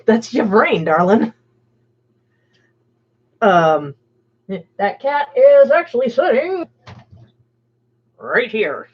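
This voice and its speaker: A woman's voice: fairly high pitch, sing-song, very slow, long pauses, slightly rough. A woman hosting a livestream, chatting casually with many fillers and laughs. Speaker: stream host. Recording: dull lo-fi stream audio.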